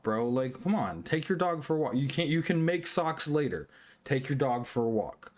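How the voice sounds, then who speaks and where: A man's voice: mid-range voice, animated, normal speed. A young man, a little drunk, rambling through a casual review of a cartoon film, swearing often and restarting his sentences. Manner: rambling, profane, many restarts and fillers. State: tipsy.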